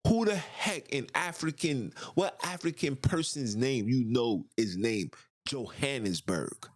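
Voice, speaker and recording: A man's voice: mid-range voice, lively intonation, a little slow. A man hosting a podcast, delivering an emphatic, ranting monologue full of rhetorical questions. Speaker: podcast host. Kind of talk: impassioned monologue.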